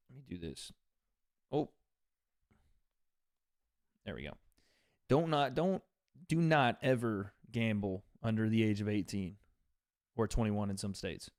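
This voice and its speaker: Here the Tennessee streamer is at home on a couch rather than at his usual setup, swearing casually with viewers and reading off their donations. His mid-range voice is darkish, clear and resonant. The sound is clean studio quality with no echo.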